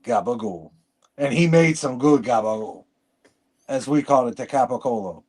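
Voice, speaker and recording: A man co-hosting a podcast, chatting in a loose, rambling way. He tells stories and keeps restarting his sentences mid-thought. His pitch sits right in the middle of the range. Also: lively intonation, moderate pace, a little mellow, slightly rough. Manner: rambling, storytelling, frequent restarts. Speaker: podcast co-host. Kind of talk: casual chat.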